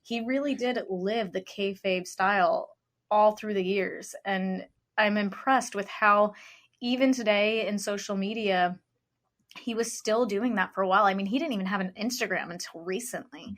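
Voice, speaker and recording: A woman's voice: medium pitch, normal speed. A woman co-hosting a podcast, chatting casually and enthusiastically, often dropping "like" mid-sentence. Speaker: podcast co-host. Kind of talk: casual chat.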